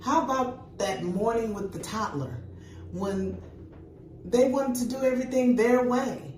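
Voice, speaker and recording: A woman's voice: on the high side, expressive, measured pace, darkish tone. Older woman, grandmother, emphatic storyteller, casual chat, distant mic. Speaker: co-host. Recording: echoey, distant mic with faint noise.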